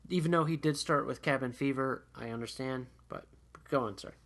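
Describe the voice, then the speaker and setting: Man, podcast co-host, casual chat, mid pitch, quiet trailing asides. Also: brisk, creaky.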